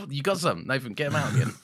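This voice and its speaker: A man co-hosting a casual film-review podcast, jokey and animated, swearing freely. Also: medium pitch, a little fast, slightly rough. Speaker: podcast co-host.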